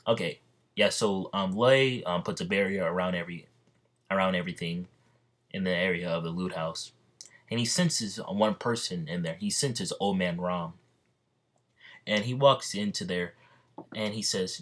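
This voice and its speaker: A man's voice: sits low, normal speed, pauses often, fairly bright tone. A man casually retelling an imagined story, rambling with many ums and restarts. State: slightly out of breath. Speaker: fan narrating an imagined crossover story.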